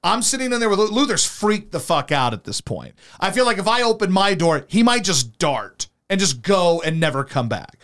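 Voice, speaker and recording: Man, talk host, blunt and sarcastic, lively swinging pitch. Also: moderate pace, hardly any pauses. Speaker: radio host. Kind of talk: casual talk show banter.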